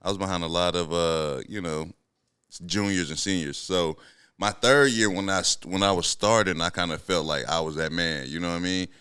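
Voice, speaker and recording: Podcast host in his thirties, deep voice, bright tone, laid-back, slangy. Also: moderate pace, clean tone, no echo, studio quality. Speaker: podcast host, former pro football player. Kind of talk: casual podcast chat.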